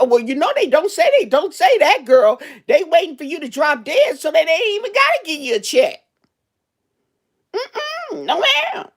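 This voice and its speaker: High, lively chatty woman. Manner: chatty, animated, talks straight to viewers. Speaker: cashier. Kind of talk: casual storytelling vlog.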